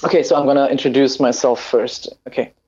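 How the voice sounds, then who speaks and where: A man from Vietnam with a Vietnamese accent, a guest singer recording radio shout-outs and checking the wording with hesitation. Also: medium pitch, steady tone, fast, breathy edge, dull audio.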